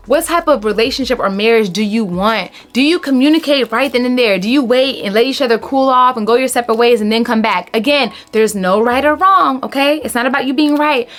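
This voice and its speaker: Woman in her 30s, slightly high voice, emphatic casual vlogger tone, relationship advice to camera. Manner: animated, emphatic, calls viewers honey.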